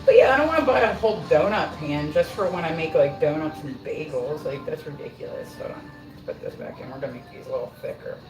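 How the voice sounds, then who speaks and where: Fast and expressive, with a voice that sits low, a middle-aged woman bakes at home while chatting casually on her livestream and swearing freely. The mic is at a distance, the kitchen echoes, and music plays in the background.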